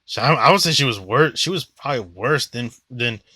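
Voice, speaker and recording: A man's voice: mid-range voice, animated, brisk, bright, forceful tone, slightly rough, no room sound. A young man giving a rambling, blunt movie review monologue, swearing freely and filling gaps with "like".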